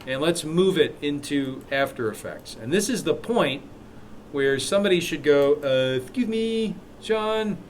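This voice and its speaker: Joking man teaching a software class. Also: fairly high pitch, expressive, moderate pace, slight background noise. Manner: chatty, joking asides to students. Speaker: instructor. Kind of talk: live classroom software demo.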